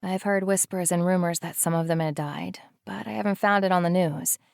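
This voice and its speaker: A woman's voice: fairly low pitch, steady tone, brisk, vocal fry, dry recording, studio quality. A woman voicing a soothing, motherly woman in an audiobook. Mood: hushed.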